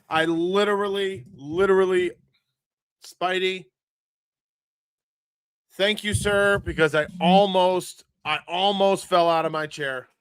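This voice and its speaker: Frantic, excitable male stream host. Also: sits high, a little slow, clear, resonant tone, no room sound. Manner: excitable, frantic, repeats himself. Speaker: sports podcast host. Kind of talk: live-stream sports talk. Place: home studio, seated.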